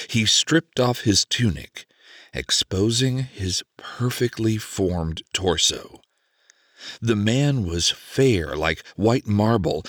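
A man narrates an audiobook in a measured, expressive storytelling style. His voice is fairly low, recorded in clean studio sound without room noise.

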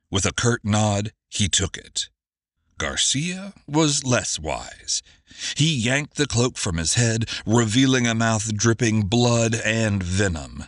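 Slow, low-voiced male storyteller. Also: a bit bright, no echo, studio quality. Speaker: narrator. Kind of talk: dramatic audiobook narration.

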